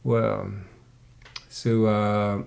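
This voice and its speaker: Male tutor, unhurried, patient, repeats words for drills, one-on-one lesson. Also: lowish voice, little pitch movement, creaky, darkish tone. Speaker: English tutor.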